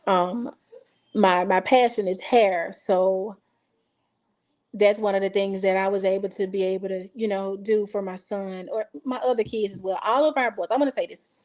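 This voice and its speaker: A woman's voice: mid-range voice, steady tone, normal speed, a little mellow, lo-fi sound. A woman, a mother from Texas, telling a personal story in casual speech and acting out the quoted dialogue with feeling. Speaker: interview guest. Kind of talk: casual recounting.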